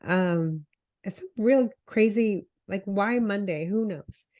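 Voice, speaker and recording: A woman's voice: medium pitch, takes it slowly, a little mellow. Female co-host with a cold, nasal and congested, casual and self-deprecating. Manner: chatty, self-deprecating, tells stories. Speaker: podcast co-host, health coach. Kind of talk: casual chat.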